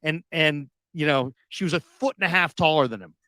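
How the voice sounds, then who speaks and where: A talk radio host spins a long story in easy conversation, his voice sitting a little high and close to the mic in a dry, dead studio. He leans into every character, jumping up loud whenever he plays someone losing it. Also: fairly quick, no room sound. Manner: animated, acts out quoted people with sudden loud high outbursts. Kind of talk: casual storytelling chat.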